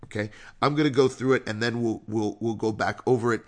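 A man, a rabbi, telling a story in a lively, conversational sermon. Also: on the low side, brisk.

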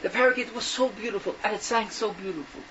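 An older man tells a folk tale in a high voice, sprinkling in Yiddish phrases and restarting mid-sentence. He jumps between characters with lively energy. The recording is dull and lo-fi with faint hiss underneath. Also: quick pace, far from the mic. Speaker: storyteller.

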